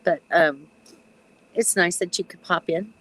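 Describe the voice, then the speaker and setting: A woman in her sixties, a retired nurse, chatting casually on a live stream from her backyard, with a stuffy, runny nose, clearing her throat and chuckling. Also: fairly low pitch, a little slow, fairly bright tone, dry recording, poor audio. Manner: chatty, reads out comments, frequent ums and chuckles.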